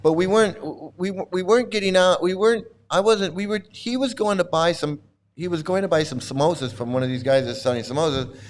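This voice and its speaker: A man's voice: high-pitched, fairly quick. A middle-aged man telling a rambling story casually to his livestream chat, laughing often and restarting sentences. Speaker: host.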